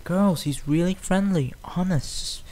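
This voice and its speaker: A man doing a timid, soft-spoken pony mare from a storybook, pleading and gentle, voice lifted well above his own. she talks shyly, almost apologising as she goes. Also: sits high, slow pace, pitched above the performer's own voice. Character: timid gentle female pegasus caretaker. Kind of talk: fan audiobook reading.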